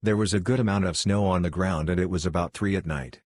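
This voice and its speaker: A man reading online posts aloud in a flat, even narrating style. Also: deep voice, fast, husky, no echo, clean studio sound.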